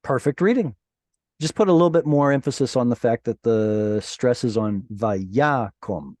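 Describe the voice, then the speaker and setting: A man teaches Bible Hebrew in an online class on a video call, walking through grammar with patience and humor and testing his students along the way. His mid-range voice has a darkish tone and moves at a moderate pace in a dry recording.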